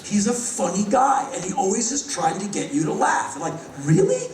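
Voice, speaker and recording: A middle-aged man telling rapid, animated anecdotes on stage in front of a live audience, acting out other people's lines. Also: sits high, faint music behind. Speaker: spoken-word performer. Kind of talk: live spoken-word storytelling. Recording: echoey hall, mic from a distance.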